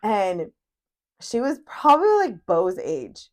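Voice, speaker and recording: Speaking slowly in a mid-range voice, this podcast co-host in her thirties tells animated family tales in a casual chat. She curses without restraint and performs the quotes.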